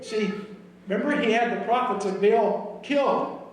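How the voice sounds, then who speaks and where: A man preaching a sermon in a high voice, animated and often shouting. The mic sits well away from him. His words ring around a very echoey church hall. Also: normal speed, far from the mic. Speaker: pastor. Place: church sanctuary.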